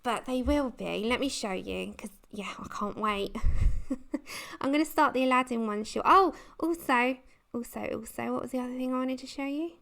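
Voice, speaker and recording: A woman's voice: sits high, moderate pace, vocal fry, fairly bright tone. Chatty giggly woman livestreaming. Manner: chatty, giggly, reads chat aloud. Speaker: livestream host. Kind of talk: casual chat while colouring.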